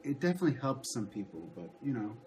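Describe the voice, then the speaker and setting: A man's voice: mid-range voice, very animated, fast, a little mellow, a little hiss or hum. Hesitant man hosting a livestream. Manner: hesitant, repeats words and restarts. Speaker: livestream host. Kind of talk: casual chat.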